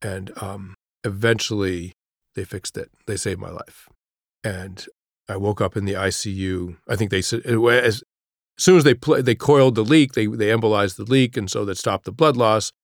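A middle-aged man, a guest author, telling a personal story in an interview, halting and reflective, dropping to a hush at grave moments. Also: on the low side, vocal fry, no room sound, clean studio sound.

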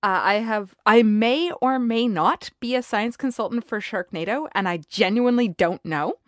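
A woman's voice: on the high side, normal speed, dry recording, studio quality. Breezy woman scientist guest. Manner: breezy, laughing, relaxed. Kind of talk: casual interview chat.

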